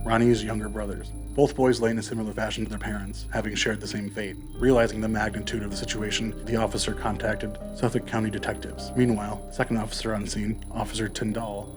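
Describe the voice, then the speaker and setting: A man hosting a podcast, narrating true crime casually with profane, joking asides. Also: on the low side. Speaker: podcast host.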